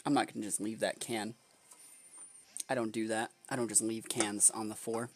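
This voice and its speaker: A young man with a lowish, level voice at normal speed gives thinking-aloud commentary on a competitive match he's playing for his videos. He quietly analyzes his opponent's moves and strategy, then snaps into exasperated outbursts at times.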